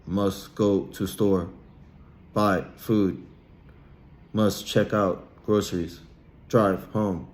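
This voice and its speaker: Mocking take on a blunt male inner voice, clipped and low-pitched, as a man puts it on. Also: steady tone. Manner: slow, choppy, telegraphic phrases.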